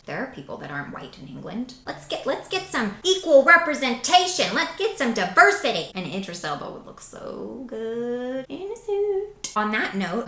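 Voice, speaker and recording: A woman's voice: medium pitch, a bit bright. A young woman hosting her vlog, reading viewer comments aloud and answering them in a bubbly, playful way. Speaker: vlog host responding to comments. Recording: echoey room.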